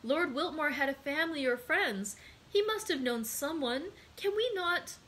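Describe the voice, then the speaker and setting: A woman's voice: sits high, expressive, a little slow, a bit bright, voice pushed up. Woman reading as a pleading, eager young woman. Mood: tearful pressing. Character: young woman, grateful and tearful. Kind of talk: read-aloud storytelling.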